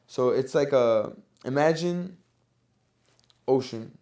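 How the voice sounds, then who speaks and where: A man hosting a podcast, telling a story in casual chat, animated and swearing freely. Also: mid-range voice, takes it slowly. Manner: animated, swears often, slangy. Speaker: podcast host.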